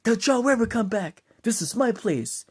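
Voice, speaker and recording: A violent drunk father who yells his lines, loud and pushed high, put on by a man. He is hateful and threatening, and the whole voice sits raised in pitch. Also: animated, moderate pace, breathy edge, heavily acted. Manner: loud, yelling.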